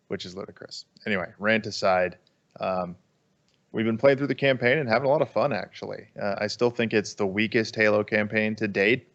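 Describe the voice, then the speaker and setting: A man's voice: lowish voice, fairly bright tone, lo-fi sound. A man co-hosting a gaming podcast, chatting casually with a dry, wry humor and a habit of ranting. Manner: dry, wry, quick to rant. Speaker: podcast co-host.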